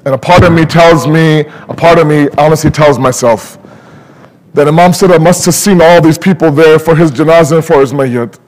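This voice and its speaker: High-voiced man giving a mournful sermon. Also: a little mellow, big-room sound, low-quality recording. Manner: emotional, rising to high pleading pitch in grief passages; slows and stretches words for emphasis. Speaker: speaker at a mourning gathering. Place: community religious center.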